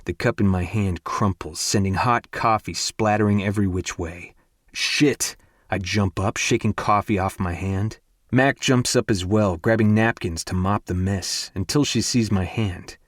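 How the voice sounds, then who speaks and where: A man's voice: lowish voice, unhurried, dry recording, studio quality. A young man narrating a first-person romance audiobook in an intense, candid manner.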